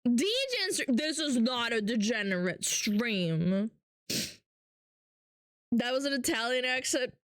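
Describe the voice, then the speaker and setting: Excitable woman streamer, high and bouncy voice, dry close sound. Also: takes it slowly, long pauses, dry recording. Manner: playful, excitable, jokey. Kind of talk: casual livestream chat.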